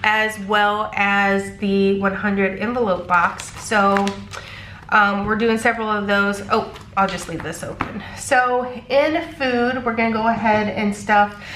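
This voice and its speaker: A woman's voice: mid-range voice, fairly even intonation, unhurried, fairly bright tone, echoey room, slight background noise. Congested woman chatting through her budget. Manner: chatty, frequent ums, counting bills aloud. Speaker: cash budgeting vlogger. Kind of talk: casual chat.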